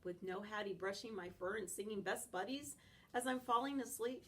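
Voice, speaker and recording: A woman reading a children's novel aloud in an expressive, animated first-person style. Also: medium pitch, moderate pace. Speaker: audiobook reader.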